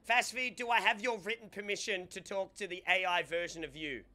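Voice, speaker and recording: A young man streaming casually, excitable and prone to stammering and restarting words. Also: high voice, a little fast. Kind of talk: casual live-stream chat.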